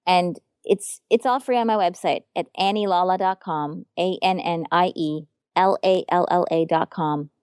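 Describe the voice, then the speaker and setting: A woman's voice: fairly low pitch, normal speed, hardly any pauses, darkish tone, clear, resonant tone, dry recording, clean studio sound. A woman relationship coach talking in an earnest, frank and emphatic way during a podcast interview.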